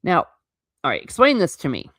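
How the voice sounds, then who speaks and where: A woman's voice: on the low side, huge pitch swings, a little fast, a bit bright, dry recording, clean studio sound. A woman hosting a book channel, reading passages aloud and giving frank, opinionated commentary, often stumbling over words.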